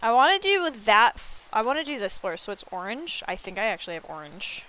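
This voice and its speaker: Bright-voiced woman streamer, animated. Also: fairly high pitch, fairly quick. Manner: animated storytelling with excited quoted reactions; swears freely. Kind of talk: casual chat while gaming.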